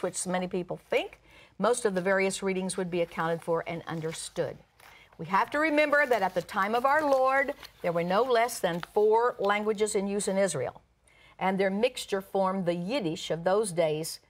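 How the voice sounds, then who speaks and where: Woman pastor at a mid pitch, teaching scripture with explanations and "uh" fillers. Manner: reads scripture aloud, explains words; uses "uh" fillers. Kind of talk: Bible teaching.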